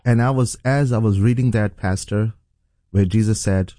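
A man's voice: fairly low pitch, fairly even intonation, normal speed, warm tone, no room sound, clean studio sound. A middle-aged man from Pakistan, a pastor, earnestly telling his personal testimony as an interview guest. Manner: earnest, storytelling.

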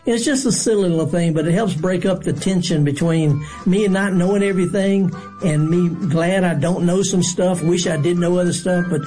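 A man's voice: sits high, moderate pace, few pauses, mellow, soft background music. A man hosting a gardening radio show in a studio, talking in a folksy, rambling way and telling corny jokes. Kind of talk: casual radio talk.

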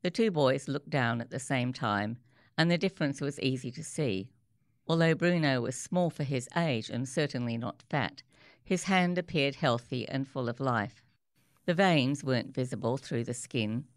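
Measured radio presenter. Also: mid-range voice, no room sound, clean studio sound. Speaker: radio show host. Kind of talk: radio presenting and book reading.

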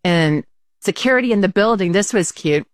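A woman co-hosting a casual talk show, telling a story with animated quotes and laughs. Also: medium pitch, moderate pace, no room sound, clean studio sound.

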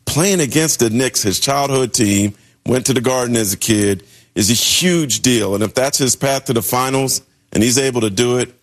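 Male writer listing points in an animated way. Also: mid-range voice, moderate pace. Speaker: basketball writer. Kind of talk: conversational analysis.

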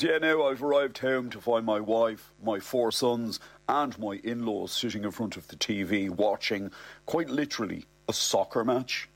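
A middle-aged man reading a comic first-person story, deadpan with indignant asides. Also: lowish voice. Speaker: narrator.

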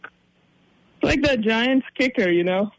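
Sports radio co-host, male, fairly high voice, dry teasing banter. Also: expressive, slow, dry recording, low-quality recording. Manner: teasing, dry needling humor.

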